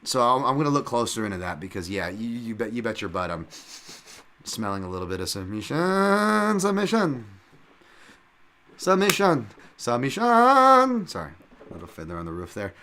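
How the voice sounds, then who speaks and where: A man's voice: low voice, fast, bright, forceful tone. A male podcast host giving a casual, rambling fight-betting breakdown, full of fillers, restarts and casual swearing.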